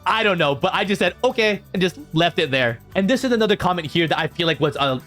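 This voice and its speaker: Male vlogger, higher pitch, animated reactor, light music bed underneath. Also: fast talker. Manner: animated, jumps in pitch when exasperated. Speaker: YouTuber reacting to comments. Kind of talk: casual reaction vlog.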